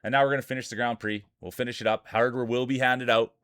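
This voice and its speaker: A man's voice: medium pitch, quick pace, clear, resonant tone, no room sound, studio quality. Hyped Canadian man calling marble races. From Saskatchewan, Canada. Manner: energetic, hyped announcer-style banter with chat. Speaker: streamer hosting marble races. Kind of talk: live-stream commentary.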